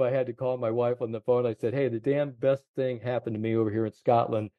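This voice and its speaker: A man in his seventies, a golf confidence coach, telling animated stories in an interview, full of "you know". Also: medium pitch, quick pace, few pauses, dry recording, highs cut off. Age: 70s. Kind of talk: storytelling interview chat.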